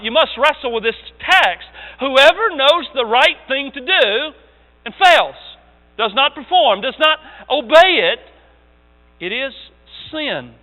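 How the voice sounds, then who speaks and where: Emphatic preacher with a high, lively voice. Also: male voice. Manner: emphatic, with sudden drops to quiet asides. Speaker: pastor. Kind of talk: sermon. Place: church sanctuary. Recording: tinny lo-fi church recording, long reverb, mains hum.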